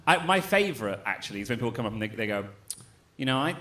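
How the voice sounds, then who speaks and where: A man's voice: fairly low pitch, big pitch swings, racing, pushed and bright. A British man in his thirties rapping improvised comedy verses on a club stage, then chatting in a self-deprecating way. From Britain. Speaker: musical comedian. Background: hip hop beat.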